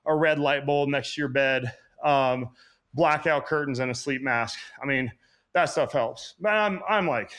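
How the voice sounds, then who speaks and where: A man talking as a guest on a podcast, explaining health routines quickly in a casual style full of "like" and "um". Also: mid-range voice, fairly bright tone. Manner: quick, explanatory, lots of fillers like "like" and "um". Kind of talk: casual interview chat.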